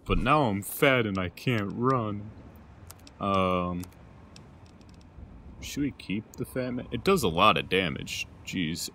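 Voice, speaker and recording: A man narrating his gameplay in a loose, rambling way, often apologizing and filling pauses with hesitant fillers. His voice is very low and unhurried, with a bright, clear edge. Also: a little hiss or hum. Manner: rambling, self-deprecating, many hesitant fillers. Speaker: let's play host. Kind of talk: casual gameplay commentary.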